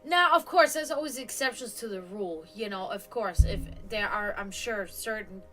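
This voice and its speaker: A woman's voice: mid-range voice, moderate pace, a bit bright, faint music behind. A woman hosting a live stream, chatting casually and rambling, with frequent restarts and offhand swearing. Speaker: stream host.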